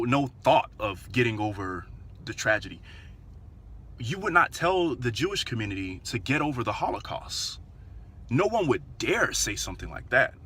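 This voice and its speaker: A man's voice: mid-range voice, pushed and bright, husky. A man talking earnestly to his viewers in casual commentary, repeating phrases and restarting often. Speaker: vlogger.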